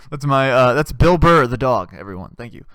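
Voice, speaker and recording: A man's voice: medium pitch, fairly bright tone, smooth, dry recording, studio quality. A man hosting a comedy podcast, delivering a profane, rambling and sarcastic rant. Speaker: podcast host.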